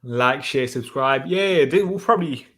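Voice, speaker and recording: A young man hosts a casual stream, talking through plugs and sign-offs in a brisk way. His tone is bright and forward, at a medium pitch. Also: animated. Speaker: host. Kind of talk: casual live-stream chat.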